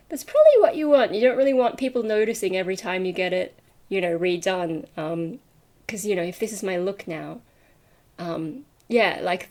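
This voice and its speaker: A woman's voice: mid-range voice, a little mellow. A young woman talks straight to her camera in a loose, rambling vlog. She drifts from one tangent to the next, peppering her sentences with ums and likes. She laughs easily as she chats. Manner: chatty, laughs often while talking. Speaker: vlogger. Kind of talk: casual rambling chat to camera.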